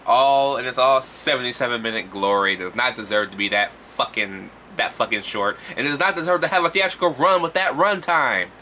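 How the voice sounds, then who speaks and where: A man giving a casual, profane movie review, talking in an animated, exasperated way. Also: medium pitch, a little fast, hardly any pauses, slight background noise.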